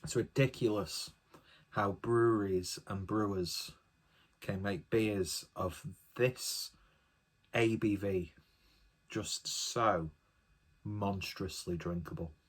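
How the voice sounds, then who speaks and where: A man's voice: lowish voice, fairly even intonation, slow pace, long pauses, husky. Chatty man reviewing beer. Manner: chatty, enthusiastic, rambling. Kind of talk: casual solo review.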